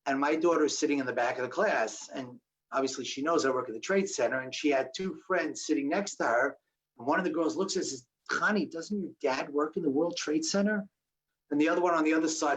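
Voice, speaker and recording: A man's voice: a little high, normal speed, lo-fi sound. A man in his sixties speaking as a guest on a video call, telling a story with humor and acting out the voices of the people in it. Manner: animated storyteller who acts out quoted voices with humor. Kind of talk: storytelling talk with Q&A.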